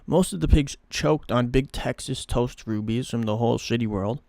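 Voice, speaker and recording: A man's voice: mid-range voice, normal speed, gravelly, darkish tone, dry recording. A man casually reading a story aloud on a live stream, swearing and stumbling over words now and then.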